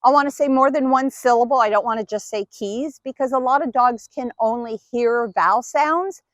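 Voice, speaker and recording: A woman's voice: on the high side, normal speed, dry recording. A woman dog trainer patiently explaining each step while giving cues and praise to her dog. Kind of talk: instructional demonstration.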